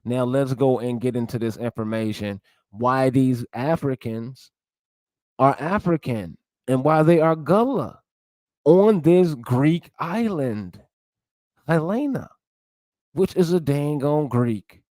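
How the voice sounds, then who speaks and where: A man's voice: medium pitch, slow, a little mellow, no room sound. A man lecturing viewers in casual commentary, searching aloud and calling them y'all. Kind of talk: casual commentary while browsing sources.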